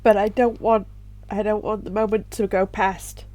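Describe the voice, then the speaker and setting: Tearful woman, soft reflective vlog. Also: mid-range voice, little pitch movement, moderate pace. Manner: soft, reflective, with sighs and little laughs. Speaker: vlogger and self-published author. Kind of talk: emotional personal vlog.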